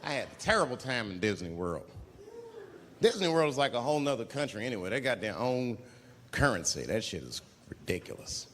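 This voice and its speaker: A man doing a stand-up comedy routine, telling loose stories and acting out characters with sudden shrieks and shouts. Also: medium pitch, sing-song, brisk, a little hiss or hum. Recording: live theater with crowd and long reverb. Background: audience laughter.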